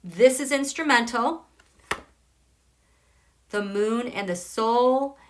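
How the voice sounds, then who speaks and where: A woman hosting a live tarot and astrology stream, excitable and gushing, swinging between loud exclamations and soft murmurs. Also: fairly high pitch, slow, a little hiss or hum. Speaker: tarot and astrology channel host.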